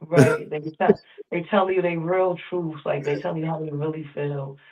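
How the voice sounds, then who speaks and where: A man co-hosting a casual stream chat, animated and agreeable with slangy talk. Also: a little high, normal speed. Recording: tinny phone-like line.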